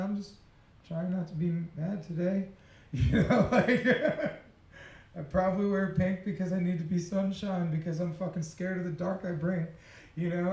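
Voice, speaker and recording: A man with a fairly high voice tells a confessional personal story, full of profanity and quick laughs. His talk is emotional and unfiltered. The sound is roomy, with a clear echo around him. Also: mellow. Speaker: speaker sharing a personal story.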